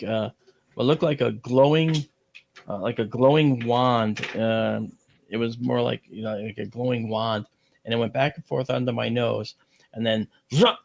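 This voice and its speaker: A man appearing as a guest on a radio talk show, telling a personal story in a lively, rambling way with many fillers and restarts. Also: mid-range voice, gravelly.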